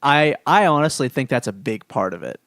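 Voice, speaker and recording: A man co-hosting a podcast, talking in an easy, matter-of-fact way and moving the chat from one topic to the next. His voice sits at an ordinary middle pitch. The sound is dry and close, with no room around it. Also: expressive, a little fast, a bit bright, dry recording. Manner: steers the topics, laid-back and matter-of-fact. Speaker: podcast co-host.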